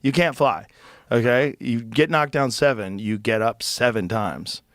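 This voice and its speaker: A man's voice: mid-range voice, unhurried, fairly bright tone, no echo, clean studio sound. A man hosting a podcast, talking bluntly and argumentatively in a casual chat, with heavy swearing. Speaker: podcast host.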